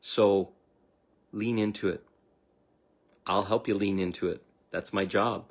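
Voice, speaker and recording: A man with a fairly low voice gives unscripted spiritual coaching on a livestream. He speaks earnestly and wanders into asides. When he quotes someone else's voice, he jumps up high in pitch. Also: fairly even intonation, unhurried, gravelly. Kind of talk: livestream talk.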